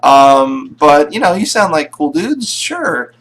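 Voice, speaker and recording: A man's voice: fairly high pitch, big pitch swings, slow pace, a bit bright, voice pushed up, heavily acted. A man voicing a burgomaster's friendly young daughter in a casual, easygoing way.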